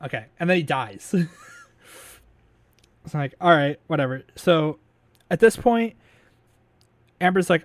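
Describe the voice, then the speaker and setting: Rambling man, slightly high, very dry sound. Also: lively intonation, unhurried, long pauses, no room sound. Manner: rambling, filler-heavy retelling with frequent laughs; swears casually. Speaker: podcast host recapping a movie. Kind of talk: casual chat.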